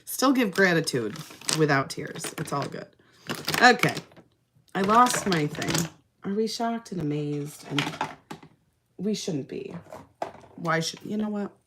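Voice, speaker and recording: A woman's voice: lowish voice, animated, takes it slowly, long pauses, noisy background. A young adult woman hosting a casual makeup livestream, reading out comments, sounding tired, laughing often and trailing off into fillers.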